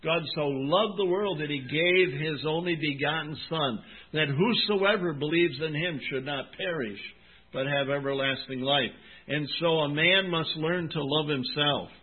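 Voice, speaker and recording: A husky-voiced man in his seventies delivers a sermon, pitched a little high for his age. He speaks earnestly and plainly, slowing down to stress key words. The recording is thin and tinny, like a phone line. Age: 70s. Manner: earnest, folksy, slow deliberate emphasis. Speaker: pastor.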